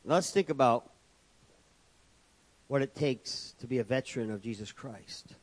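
A man's voice: mid-range voice, unhurried. A man preaching a sermon from the pulpit, building points through repetition and calling out for amens. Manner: preaching with rhetorical repetition and calls of amen. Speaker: pastor. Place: church.

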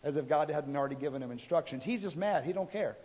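A man's voice: on the high side, fast talker, darkish tone. A man preaching a sermon, retelling a story in a casual, conversational way and voicing the people in it. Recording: reverberant hall.

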